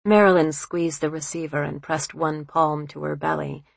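A woman reading literary fiction aloud in a calm, unhurried narration on a close studio mic. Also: low-pitched, creaky, no room sound. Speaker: audiobook narrator.

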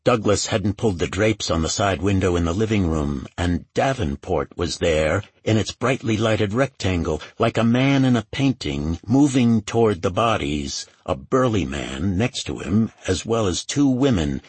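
Deep, husky male audiobook narrator. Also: expressive, moderate pace, few pauses, no room sound. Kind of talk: scripted narration.

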